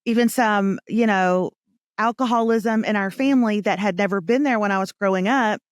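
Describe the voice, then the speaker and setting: A woman's voice: mid-range voice, normal speed, no room sound, studio quality. A woman hosting a podcast, talking in a candid, chatty way. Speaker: podcast host. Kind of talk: casual chat.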